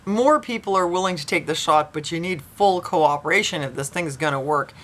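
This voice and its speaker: A woman's voice: low-pitched, a little fast, fairly bright tone. A woman vlogger giving casual commentary as she reads news aloud, with skeptical, sarcastic asides and quotes read in mocking voices.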